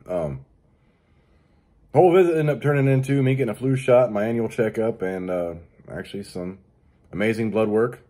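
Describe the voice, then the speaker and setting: A man's voice: lowish voice, mellow. A middle-aged man hosting his own show, talking casually in a crude, profane, joking way. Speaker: podcast host. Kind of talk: casual solo monologue.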